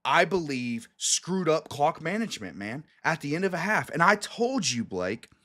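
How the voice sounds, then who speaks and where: A man's voice: sing-song, normal speed, pushed and bright. A young man co-hosting a casual sports podcast, emotional and exclamatory as he breaks down a loss. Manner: emotional, exclamatory, swinging up and down in pitch. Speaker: co-host.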